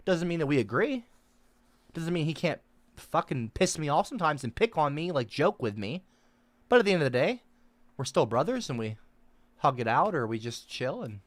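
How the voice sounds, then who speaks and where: A man chatting casually as a streamer reading out his chat, lively and rambling, quick to get defensive. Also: fairly high pitch, no echo.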